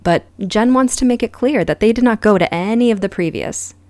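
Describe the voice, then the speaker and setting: A woman's voice: mid-range voice, fairly quick, darkish tone, no room sound. A woman hosting a podcast, recapping a reality show in a casual, sarcastic and profane way. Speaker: podcast host.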